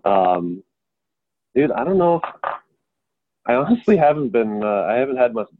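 A man's voice: medium pitch, very animated, moderate pace, no room sound. A young man chatting as a podcast guest, rambling and self-deprecating, often stammering and restarting his sentences. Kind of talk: casual chat. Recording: tinny phone-like remote call line.

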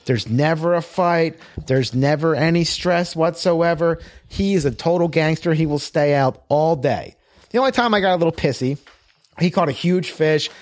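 A man in his thirties telling stories in a casual podcast chat, animated and swearing freely. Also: a little high, normal speed. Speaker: podcast co-host.

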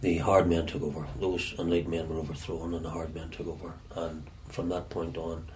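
Deep-voiced Northern Irish man, halting. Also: little pitch movement, a little mellow, a little hiss or hum. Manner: halting, repeats words as he searches for them. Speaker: interviewee recalling his past. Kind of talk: reflective storytelling.

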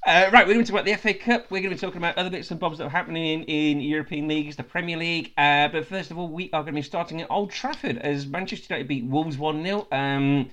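A man's voice: on the high side, fast talker, hardly any pauses, fairly bright tone. A man hosting a football podcast, jokey and rambling, often correcting himself. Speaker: podcast host. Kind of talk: casual football podcast chat.

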